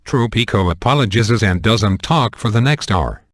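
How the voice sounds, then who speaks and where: Deadpan and at normal speed, a man reads out an amateur comic horror story, crude punchlines and all, without altering his tone. He sits on the low side, captured dry and near the mic with no room sound.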